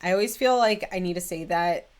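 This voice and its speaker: A woman's voice: lowish voice, brisk. A young woman chatting in a gushing, casual way about her beauty favorites at home, with lots of "like". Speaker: beauty vlogger. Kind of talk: casual chat.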